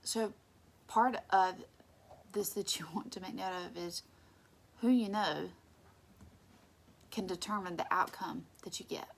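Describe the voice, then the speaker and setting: A woman leading a casual Bible study, conversational and emphatic, sometimes dropping into soft asides. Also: mid-range voice, a little slow, vocal fry, long pauses, breathy edge.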